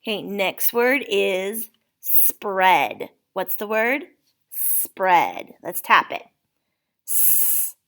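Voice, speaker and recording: A woman leads a spelling lesson at a very slow, deliberate pace. She patiently sounds out each word letter by letter for a young learner. Her pitch sits at an ordinary middle level. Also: expressive, a bit bright. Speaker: teacher.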